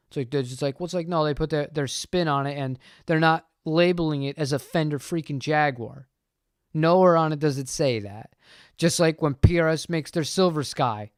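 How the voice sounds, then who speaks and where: Man, livestream host, rambling and opinionated, slightly high voice, dry close sound. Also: expressive, normal speed, clean tone, no room sound. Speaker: channel host answering chat. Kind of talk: casual livestream chat.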